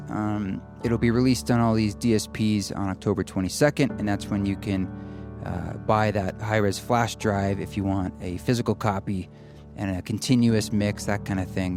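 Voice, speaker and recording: Man announcing over guitar music. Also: lowish voice. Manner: casual, friendly promotional talk. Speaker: podcast host. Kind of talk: outro announcement.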